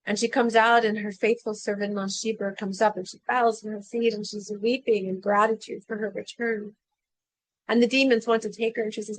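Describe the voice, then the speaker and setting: A woman podcast host retelling an ancient myth in a dramatic, expressive way. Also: medium pitch, a little fast, low-quality recording. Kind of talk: storytelling a myth.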